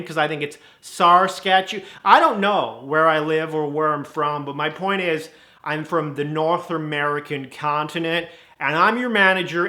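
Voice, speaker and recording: A young man talks to camera in a loose comic monologue, mocking himself as he goes. His voice is bright and sits a little high, and he rambles from one analogy into the next. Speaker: vlogger.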